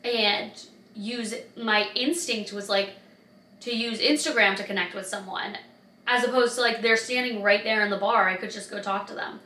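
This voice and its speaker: A woman's voice: medium pitch, moderate pace, far from the mic. A young woman vlogging in a casual, chatty way, telling stories with lots of "like". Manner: chatty, lots of "like", animated retelling. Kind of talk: casual vlog chat. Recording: roomy sound from off-mic.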